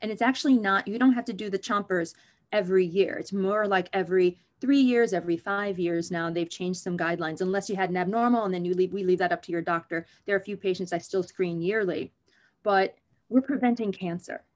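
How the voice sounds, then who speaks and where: Frank, lively woman doctor guest. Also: medium pitch, fairly quick. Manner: frank, animated and joking. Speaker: OB/GYN guest. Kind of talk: conversational interview.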